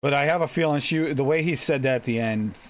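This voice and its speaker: A man's voice: mid-range voice, fast talker. Laid-back man hosting a live stream. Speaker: host of a DIY mixing show. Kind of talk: casual live-stream chat.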